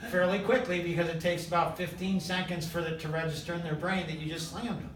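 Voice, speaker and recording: A man telling a story in casual talk as host, animated and full of "like", heard from afar in an echoey room. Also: on the high side, fast, distant mic. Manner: animated, quotes others in short bursts, filler "like".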